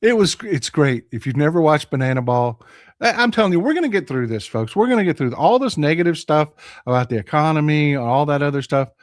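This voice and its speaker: Guy hosting a stream, high voice swinging all over, dry close sound. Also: no echo. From Texas. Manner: excitable, animated storytelling with loud exclamations. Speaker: livestream host. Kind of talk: casual chat.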